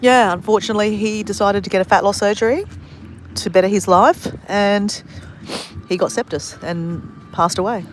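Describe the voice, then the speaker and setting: At a sunset beach, a woman vlogs on her phone during a livestream, casually rambling through a story and fixing her own words along the way. She's a travel vlogger with a medium-pitched voice at a moderate pace, and there's a little hiss or hum.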